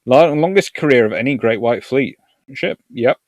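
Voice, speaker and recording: A man's voice: medium pitch, lively intonation, moderate pace, dry recording. A man from Surrey with a southern English accent, hosting a history live stream and chatting casually through viewer comments. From Surrey, England. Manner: rambling, chatty, chuckling.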